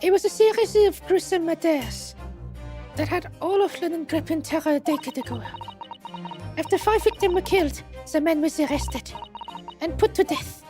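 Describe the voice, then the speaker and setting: A woman voicing a gentleman detective from a game, telling a grim tale in a dramatic, theatrical way. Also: very high-pitched, moderate pace, faint music behind, voice pushed up.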